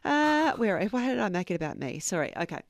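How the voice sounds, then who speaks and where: A woman's voice: mid-range voice, big pitch swings, a little fast, creaky, no echo, studio quality. A middle-aged woman hosting a true crime podcast, reading out quotes earnestly and adding personal asides. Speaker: podcast host.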